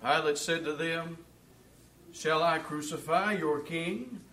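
High-pitched guy preaching, reads scripture, gets loud then goes quiet, keeps asking the crowd questions. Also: slow pace. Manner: dramatic, swinging between loud emphasis and hushed asides; asks the congregation rhetorical questions. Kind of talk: sermon with scripture reading.

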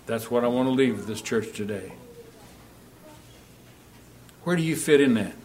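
A preacher with a mid-range voice talks fast and animatedly during a church sermon. He alternates booming, emphatic Scripture reading with hushed, pointed questions to the people in the pews.

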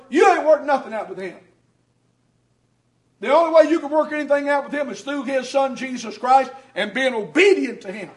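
High-voiced preacher in an echoey hall. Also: male voice, lively intonation. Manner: preaches with rising shouts and quick asides to the congregation. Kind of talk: sermon. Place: church hall. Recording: echoey hall, mic at a distance.

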